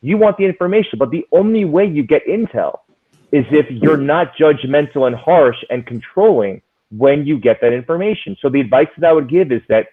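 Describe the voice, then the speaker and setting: Man on a tinny call line. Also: medium pitch. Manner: earnest, explains with concrete examples. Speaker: psychologist, interview guest. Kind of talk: casual conversational advice.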